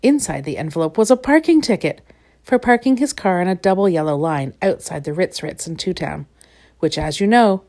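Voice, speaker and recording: With a fairly low voice and an unhurried, moderate pace, a woman reads from a children's storybook in a soft, expressive manner.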